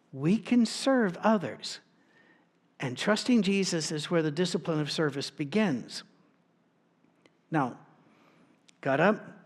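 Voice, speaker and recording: A male pastor preaching a sermon in a plain, informal storytelling way, with frequent restarts and asides. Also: on the high side.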